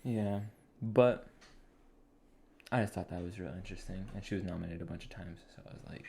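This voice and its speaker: A young man with a very low, gravelly voice talking bluntly on a podcast. His voice echoes around the room over faint background noise. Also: brisk. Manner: blunt, laughs often, swears. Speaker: podcast co-host. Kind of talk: casual chat.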